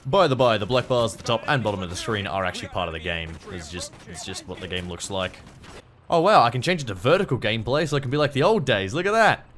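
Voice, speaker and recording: Excitable Australian man gaming. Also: lowish voice, fast talker. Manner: excitable, swears and yelps at the action. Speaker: gaming YouTuber. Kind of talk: let's-play commentary.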